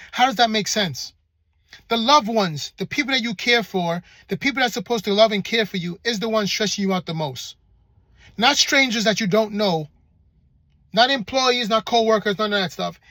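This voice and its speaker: Male relationship vlogger, high pitched, dry close sound, assertive and passionate, repeats rhetorical questions. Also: fairly bright tone, no echo. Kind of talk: motivational vlog monologue.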